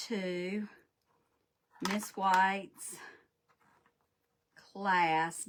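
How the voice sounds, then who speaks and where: A woman's voice: mid-range voice, a bit bright, a little hiss or hum. A woman hosting a live craft demo, folksy and a bit scatterbrained as she talks straight to her viewers. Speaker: crafting livestream host.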